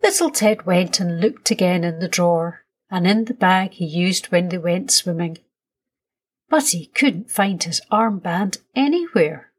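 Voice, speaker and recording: A woman reading a children's story aloud in a slow, soothing storytelling manner. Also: lowish voice, expressive, slightly rough.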